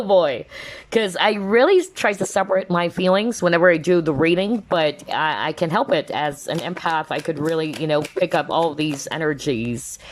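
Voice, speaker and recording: A woman giving a casual tarot card reading to her viewers, earnest and emotional, talking with lots of fillers like "kind of, like" and "you know.". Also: sits low. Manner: earnest, emotional, openly moved.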